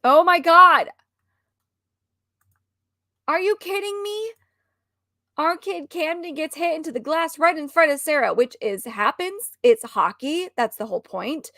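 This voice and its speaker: A woman co-hosting a casual chat stream, ranting in an animated, exasperated way. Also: high voice, unhurried, long pauses, no echo, clean studio sound. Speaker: stream co-host.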